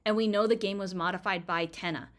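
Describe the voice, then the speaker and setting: A young woman streaming a video game, reacting with excited, swearing, laughing commentary. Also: medium pitch, fast. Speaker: gaming streamer. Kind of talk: excited casual let's-play commentary. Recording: game music under voice. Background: game music.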